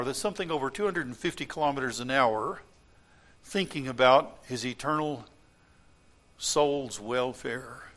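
A man preaching a sermon in a church, swinging from loud impassioned cries to quiet asides. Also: a little high. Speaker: pastor.

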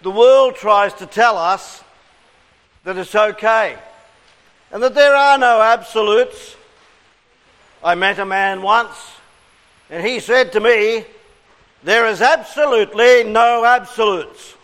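Slow, high-voiced Australian preacher in a hall. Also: male voice, fairly bright tone. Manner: earnest, interactive, drawing call-and-response from the congregation. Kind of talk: sermon.

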